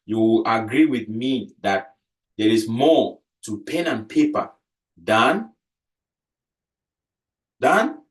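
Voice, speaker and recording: A man's voice: fairly low pitch, distant mic. A man with a Cameroonian accent giving casual political commentary, stressing points by repeating key phrases.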